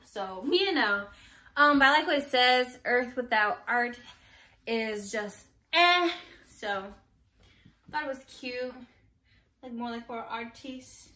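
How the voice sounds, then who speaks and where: A woman's voice: fairly high pitch, a little slow, pushed and bright. A young pregnant woman vlogger talking casually and rambling, a bit out of breath and laughing often. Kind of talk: casual chat.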